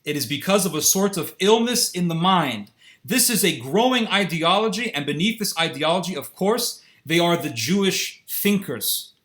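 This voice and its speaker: A man's voice: high voice, lively intonation, moderate pace, a bit bright. A man interviewing a guest in a confrontational way, pressing and interrupting with emphatic questions.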